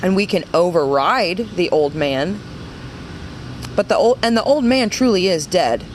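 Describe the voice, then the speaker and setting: A woman's voice: on the low side, animated, measured pace, a little hiss or hum. A young woman leading a women's ministry, giving an earnest devotional talk and repeating phrases for emphasis.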